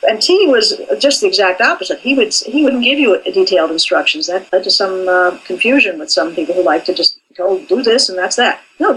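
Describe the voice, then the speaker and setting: A woman's voice: medium pitch, fairly bright tone, breathy edge, rough recording. An older woman, an animation professor, speaking candidly in an interview about her training. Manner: candid and forthright.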